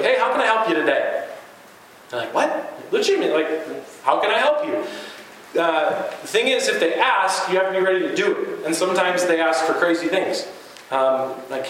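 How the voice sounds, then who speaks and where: A man's voice: a little high, fairly bright tone, a little hiss or hum. A man who teaches and coaches basketball, giving an earnest, conversational talk to fellow educators with plenty of fillers and restarts. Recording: very echoey room with faint ambience.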